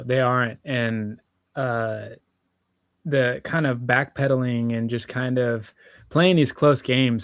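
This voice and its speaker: Young dude on a podcast, mid pitch, lots of um and like, dry close sound. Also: male voice, no room sound. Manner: hesitant, lots of fillers. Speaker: podcast co-host. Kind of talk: casual sports podcast chat.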